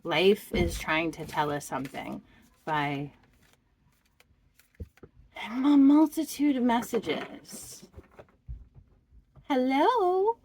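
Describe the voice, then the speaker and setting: A woman doing a pick-a-card tarot reading, speaking to the viewer in a slow, heartfelt and expressive way. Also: medium pitch, slight background noise. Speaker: tarot reader.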